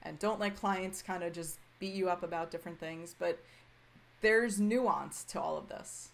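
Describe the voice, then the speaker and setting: A woman's voice: lowish voice, moderate pace, gravelly, a crowd in the background. A woman hosting an interview podcast, affirming her guest and summarizing points. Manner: affirming, summarizing, frequent "right". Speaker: podcast host. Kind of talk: conversational interview.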